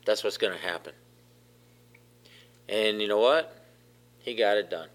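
A lower-pitched man preaches with emphatic, repeated phrases and asks his congregation questions along the way. His delivery is that of a pastor giving a sermon. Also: measured pace.

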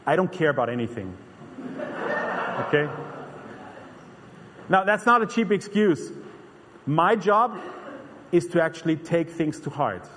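A man's voice: on the high side, lively intonation, unhurried, long pauses, fairly bright tone, a little hiss or hum. Earnest preacher man in a reverberant hall. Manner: earnest, conversational, frequent restarts. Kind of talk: sermon.

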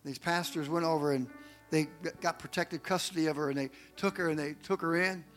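A male pastor preaching a sermon, telling family stories in an animated way and acting out the people in them. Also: a little high, brisk, soft background music. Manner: animated storytelling, acts out quotes.

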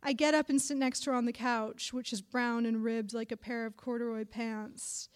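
A woman's voice: fairly high pitch, level tone, moderate pace, clean tone. A young adult woman, a writer, reading her own literary story aloud with dry, wry narration.

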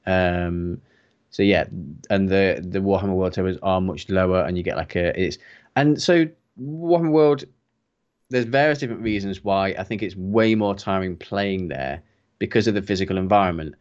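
A man chatting as a guest on a hobby stream, giving measured, reasoned opinions. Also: deep voice, darkish tone, clean tone, highs cut off. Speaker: guest co-host. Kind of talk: casual hobby chat.

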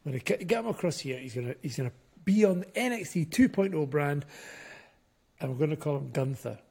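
Man, gravelly voice, slightly high pitch, animated, rhetorical, casual podcast chat. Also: fairly quick. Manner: animated, rhetorical questions, mock quoting. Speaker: podcast co-host.

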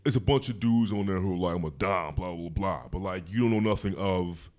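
Male podcast host, low-ish voice, slangy and laid-back, quick hype shout-outs. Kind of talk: casual chat.

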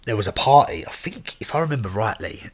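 A man chatting casually about his DJ and promoting days, relaxed and full of "yeah, mate". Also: on the low side, fast, breathy edge. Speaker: DJ and promoter, guest. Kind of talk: casual chat.

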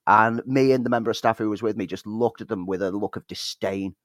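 A man's voice: on the low side, a little fast, no room sound, clean studio sound. A British man co-hosting a podcast, telling stories in casual chat. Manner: chatty, storytelling. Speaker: podcast co-host.

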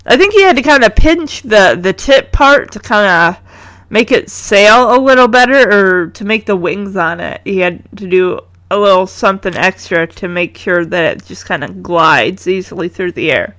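A woman's voice: mid-range voice, expressive, moderate pace, fairly bright tone, dry recording. A woman casually retelling a cartoon episode with chatty, teasing asides.

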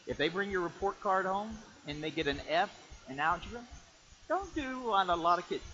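A male pastor preaching a sermon emphatically, rising to shouts and calling for amens. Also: high voice, expressive, normal speed, highs cut off, a little hiss or hum. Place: church.

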